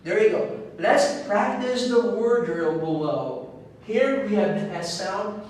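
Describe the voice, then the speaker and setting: A man teaching an online English lesson, speaking slowly and clearly and drilling the pronunciation of words one at a time. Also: on the high side, a little mellow, heavy reverb, far from the mic, a little hiss or hum, low-quality recording. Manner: slow and clear, drilling words with a repeated stress.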